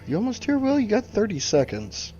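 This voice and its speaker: A man's voice: high-pitched, wildly swooping pitch, a little fast, mellow, highs cut off, soft background music. A man streaming a game, telling a long story in a casual, profane, rambling way over his mic. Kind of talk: casual gaming chat.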